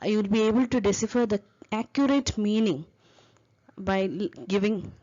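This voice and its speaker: A woman's voice: medium pitch, darkish tone, dull audio. A woman giving a lecture on teaching English, explaining step by step and spelling out example words.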